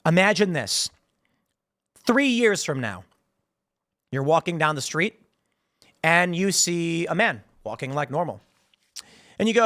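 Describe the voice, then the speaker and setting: A man in his thirties, from the United States, hosting online commentary in a rambling, animated way, often acting out voices. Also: fairly high pitch, moderate pace, pauses often, no echo, studio quality. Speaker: host. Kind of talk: online commentary on a news clip.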